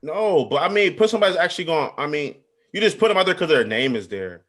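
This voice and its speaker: A man's voice: a little high, very animated, quick pace, fairly bright tone. A man co-hosting a casual sports podcast, talking in a laid-back, hesitant way. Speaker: podcast co-host. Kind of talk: casual chat.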